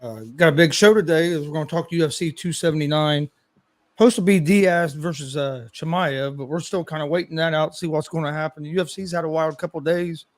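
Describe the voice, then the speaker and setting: A man's voice: a little high, brisk. A man hosting a sports betting podcast, chatting casually and agreeing with his co-host. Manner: relaxed, agreeable, laughs easily.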